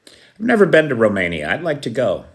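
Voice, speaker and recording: A man's voice: medium pitch, wildly swooping pitch, fairly quick. A man hosting a casual live stream, greeting viewers by name and chuckling at his own jokes. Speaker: livestream host. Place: Kyiv.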